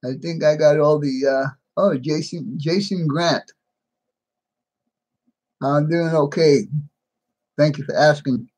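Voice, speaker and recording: A middle-aged American man runs a casual live stream, welcoming viewers one by one. His voice sits a bit high for a man, and he chuckles often between greetings. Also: fairly even intonation, slow, long pauses, darkish tone, rough recording. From United States. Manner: chatty, laughs often, greets each viewer by name.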